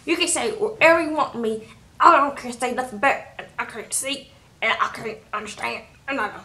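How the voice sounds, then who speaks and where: A woman's voice: on the high side, brisk, pushed and bright. A woman voicing a hurt, exasperated young man who pleads in a flustered way.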